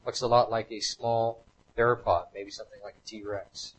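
A man's voice: on the low side, flat delivery, normal speed, slightly rough, low-quality recording. A man giving a slide lecture to a live audience, talking emphatically and repeating his points over and over.

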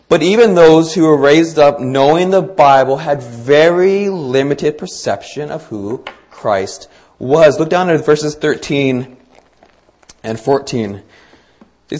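A man's voice: on the high side, slow, a little mellow. A man preaching a sermon to his congregation, talking in a conversational way with fillers and small restarts. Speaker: pastor.

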